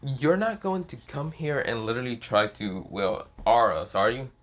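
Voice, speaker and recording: A man voicing an irritable, stoic teenage boy in a read-aloud fan story, blunt and monotone. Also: medium pitch, normal speed. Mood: annoyed. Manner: blunt, annoyed, stoic, swearing.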